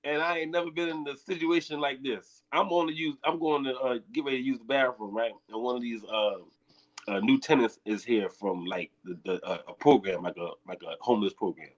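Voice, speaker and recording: A man's voice: medium pitch, brisk. A man, a comedian, telling a story in casual chat, laughing as he goes and quoting people in their voices. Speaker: guest comedian. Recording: dull lo-fi audio.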